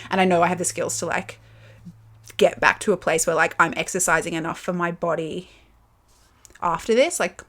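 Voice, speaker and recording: Alone in front of her camera, a young woman with an Australian accent chats for her podcast, thinking out loud and rambling candidly with heaps of fillers and the odd swear word. Her lowish, fairly bright voice keeps a fairly even intonation at a moderate pace, broken by frequent pauses, and the audio comes from the camera's built-in mic.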